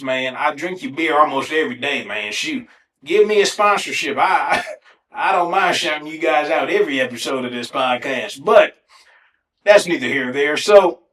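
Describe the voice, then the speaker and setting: A man hosting a podcast alone, telling funny stories in a casual, animated way and swearing freely. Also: a little high. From Ohio, USA. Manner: animated, swears casually, breaks into exaggerated self-mocking. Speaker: podcast host. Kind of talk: casual solo storytelling. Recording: echoey room.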